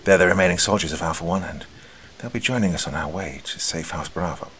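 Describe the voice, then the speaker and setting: A man voicing a calm, confident squad leader who gives steady orders. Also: low-pitched, fast, a little hiss or hum.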